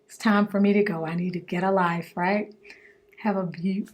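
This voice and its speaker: A woman's voice: on the low side, fairly even intonation, moderate pace. A woman chatting casually and affectionately to her viewers in a home vlog. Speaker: hair vlogger.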